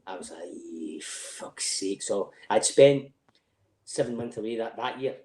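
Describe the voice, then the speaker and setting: A man's voice: lowish voice, expressive, unhurried, darkish tone, echoey room. A middle-aged Scottish man telling stories in casual chat, swearing freely and laughing through them. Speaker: podcast guest.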